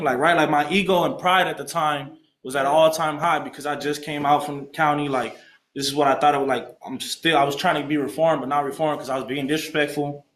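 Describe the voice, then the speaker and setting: A young man shares his recovery story in a meeting room, animated and full of street slang. He acts out the people he quotes. His voice sits a little high and rings off the walls of an echoey room. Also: quick pace. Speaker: alumni speaker sharing recovery story. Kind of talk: casual storytelling to a group.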